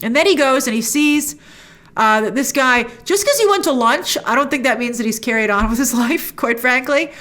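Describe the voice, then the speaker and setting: Expressive woman host, higher voice, chatty episode recap with acted-out quotes. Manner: animated, acts out characters' lines in quick voices; frequent asides and restarts. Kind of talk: casual spoken review.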